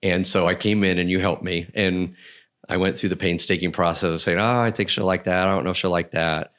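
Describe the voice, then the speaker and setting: A man's voice: sits low, steady tone, brisk, fairly bright tone. A man hosting a podcast, telling a story in casual chat and laughing as he goes. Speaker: podcast host.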